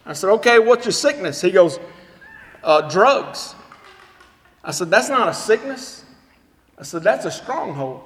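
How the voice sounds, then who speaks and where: A man preaching a sermon as an animated storyteller who acts out the dialogue. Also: high voice, unhurried, long pauses. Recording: long reverb of a hall.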